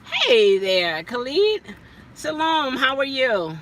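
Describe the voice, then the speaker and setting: A woman's voice: on the high side, huge pitch swings, normal speed, fairly bright tone, a little hiss or hum. A woman vlogger chatting casually to her live viewers from her car, laughing often. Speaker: vlogger and rideshare driver. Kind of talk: casual live-stream chat. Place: in a parked car.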